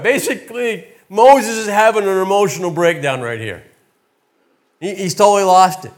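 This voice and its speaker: A man's voice: sits high, moderate pace. A man preaching a sermon in a heartfelt, searching way, often repeating his words for emphasis.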